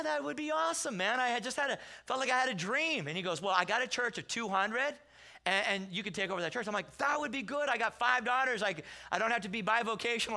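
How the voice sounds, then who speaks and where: His voice sits high and sounds gravelly as he preaches from a church sanctuary as a visiting pastor. The sermon is told through comic stories, and he brings them to life by acting out each character's lines.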